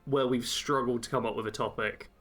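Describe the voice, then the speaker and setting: A man's voice: medium pitch, steady tone, fairly quick, a bit bright. Wry joking man on a podcast. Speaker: podcast co-host. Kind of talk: casual gaming podcast chat.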